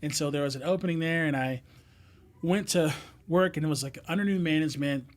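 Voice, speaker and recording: A man with a slightly high voice talks fairly quickly as a podcast guest, telling stories in a casual, rambling chat. He laughs along the way and uses lots of fillers and restarts.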